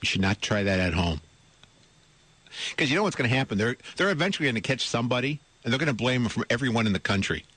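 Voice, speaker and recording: Fast-talking and expressive, this middle-aged radio host has a medium-pitched, bright, forceful, husky voice, recorded on a studio mic without echo. He reads a news story in the studio and reacts with amused incredulity, laughing while reading, echoing his own words and quizzing listeners rhetorically.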